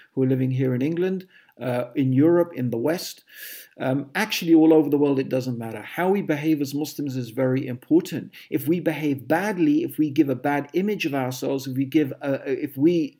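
A man's voice: fairly high pitch, dark tone. A man giving a sermon, dramatic and emphatic, reeling off lists of exaggerated phrases. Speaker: Muslim preacher. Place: England.

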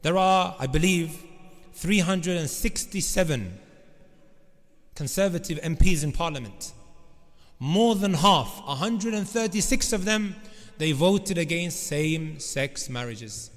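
Higher-voiced male preacher in a reverberant hall. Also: expressive, measured pace. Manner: emphatic, repeats direct addresses to the congregation. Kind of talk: sermon. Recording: long reverb of a large hall.

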